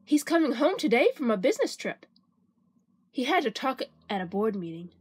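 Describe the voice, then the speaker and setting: A woman voicing a friendly, calm young mother in a storybook reading. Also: fairly high pitch, normal speed, slightly rough.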